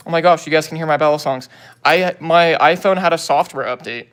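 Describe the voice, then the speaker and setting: A man's voice: fairly high pitch, steady tone, brisk, fairly bright tone, clear, resonant tone. A young man hosting a livestream on his phone, casually greeting viewers and answering comments in laid-back slang. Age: young adult. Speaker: livestream host.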